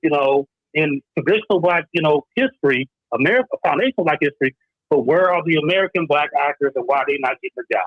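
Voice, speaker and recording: A man co-hosting a talk podcast, heard over a thin, phone-like line. His voice is somewhat high, and the dry sound makes his long, meandering explanations feel close despite the narrow audio. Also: lively intonation, quick pace, no echo. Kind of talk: casual debate talk. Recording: tinny phone-like remote line.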